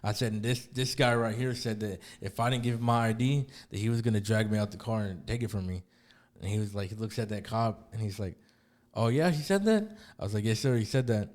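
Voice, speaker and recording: A man's voice: lowish voice, fairly even intonation, quick pace. Young man telling a cop story, swearing. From LaPorte area, US. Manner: swears freely, acts out both sides of a police encounter. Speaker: podcast host. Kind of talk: casual storytelling.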